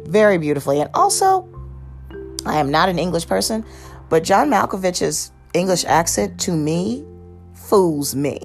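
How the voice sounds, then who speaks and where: A woman's voice: on the low side, sing-song, a little slow, creaky, faint music behind. A woman from the United States hosting a podcast, rambling casually through a TV review with many fillers and self-corrections. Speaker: podcast host.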